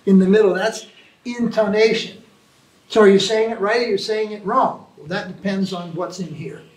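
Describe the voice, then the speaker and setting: A man answering questions as a spiritual teacher in an informal talk, animated, sometimes imitating chanting. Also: sits high, normal speed. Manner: animated storytelling, mimics chanting. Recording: echoey room from far off.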